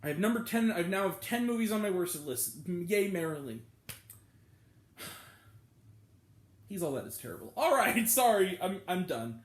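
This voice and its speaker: A man's voice: high-pitched, animated, moderate pace, pauses often, reverberant. A young man reviewing a film in an exasperated rant, addressing his channel's viewers. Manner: exasperated, ranting. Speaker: movie reviewer. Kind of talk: ranting video review.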